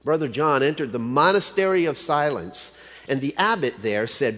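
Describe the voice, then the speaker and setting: A man's voice: fairly high pitch, expressive, moderate pace, a bit bright. A man preaching a sermon as a pastor, in a conversational way that keeps asking the audience rhetorical questions. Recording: reverberant hall.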